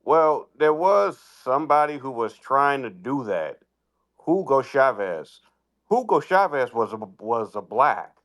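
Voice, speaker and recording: A man calling in to an online talk show who speaks haltingly, with many fillers and restarts. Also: mid-range voice, big pitch swings, fairly bright tone. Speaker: caller. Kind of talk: casual call-in chat.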